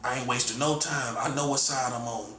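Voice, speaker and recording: A man's voice: medium pitch, fairly even intonation, fairly quick, pushed and bright, a little hiss or hum. Combative man in his forties, echoey room. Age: 40s. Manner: repetitive, combative, keeps calling the listener "buddy". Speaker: self-styled prophet giving a monologue. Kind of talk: confrontational spoken monologue. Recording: roomy echo, faint background ambience.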